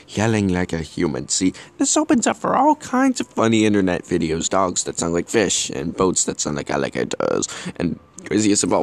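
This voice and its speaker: A man hosting a podcast, giving a deadpan comedy monologue with jokey murmured asides. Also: low voice, normal speed, creaky. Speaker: podcast host.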